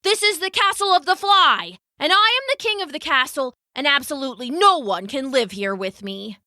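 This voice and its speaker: A woman's voice: sits high, animated, moderate pace, bright, forceful tone, no echo, studio quality, pitched above the performer's own voice. A woman voicing a grumpy, imperious male fly who rules a tiny castle, scoffing at visitors. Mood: haughty grumpy.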